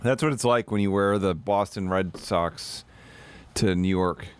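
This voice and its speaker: A man streaming live, telling rambling, profane stories in casual chat and now and then bursting into shouted put-on voices. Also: deep voice, unhurried, very noisy.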